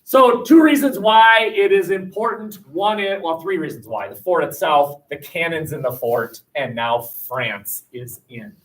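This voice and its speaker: A man teaching history in a lively classroom lecture, joking and acting out quotes with plenty of fillers. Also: on the high side, a little slow, hardly any pauses. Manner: jokey, acts out quotes, many fillers. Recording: voice from far off the mic in a classroom.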